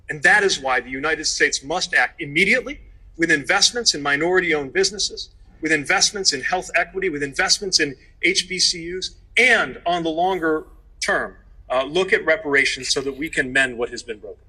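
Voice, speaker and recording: A man giving a measured, formal political speech. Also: sits high, sharp tone, slightly rough, poor audio. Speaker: political speaker. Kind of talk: prepared speech.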